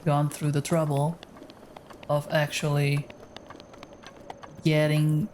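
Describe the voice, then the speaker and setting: A man with a soft voice chatting casually with his viewers while he streams a game, rambling as he plays. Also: on the high side, completely flat delivery, slow pace, a little hiss or hum. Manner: rambling, talks to chat while playing. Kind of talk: casual live-stream gameplay chat. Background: faint game music.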